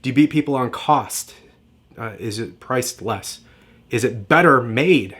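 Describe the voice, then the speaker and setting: A man's voice: mid-range voice, unhurried, fairly bright tone, husky. A man giving a direct-to-camera marketing lesson, emphatic and repetitive in a motivational way. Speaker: marketing coach.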